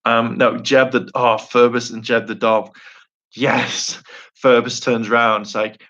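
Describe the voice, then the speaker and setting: A man's voice: mid-range voice, flat delivery, a little slow, a bit bright, dull audio. A young man chatting casually on a live stream, rambling and enthusiastic, laughing often and acting out quotes.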